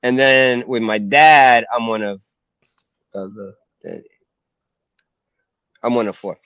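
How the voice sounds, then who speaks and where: A man's voice: mid-range voice, takes it slowly, clear, resonant tone, no echo, lo-fi sound. A man co-hosting a podcast, telling family stories in casual chat and laughing often. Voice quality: laughs often, animated storytelling. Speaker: podcast co-host.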